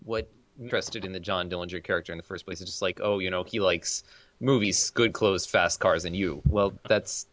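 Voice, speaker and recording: A man in a casual film review chat, measured and reflective, often saying "you know". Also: deep voice, steady tone, fairly bright tone.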